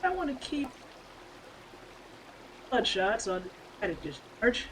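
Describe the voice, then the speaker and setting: A woman's voice: fairly high pitch, big pitch swings, a little slow, noisy background. Wry woman streaming a game. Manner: wry, joking about technical trouble. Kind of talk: casual chat while gaming. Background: loud game music.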